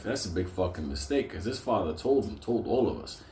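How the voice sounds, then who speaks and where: Profane rambling male storyteller, low voice. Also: lively intonation, normal speed, hardly any pauses, a little mellow. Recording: roomy echo.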